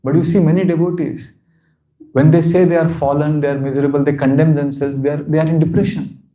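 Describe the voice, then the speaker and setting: Guy giving a devotional seminar, kinda high voice, keeps laughing mid-sentence. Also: level tone, quick pace, dark tone. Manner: earnest, often breaks into laughter; repeats phrases for emphasis. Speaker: spiritual teacher.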